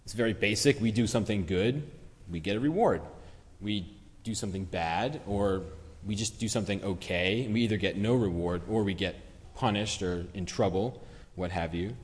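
Low-voiced man preaching in a reverberant hall. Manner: conversational, reflective, with acted-out quotes. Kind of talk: sermon.

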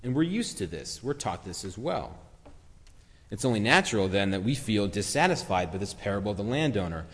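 Low-voiced man preaching in a reverberant hall. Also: big pitch swings, brisk. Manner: conversational, reflective, with acted-out quotes. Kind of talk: sermon.

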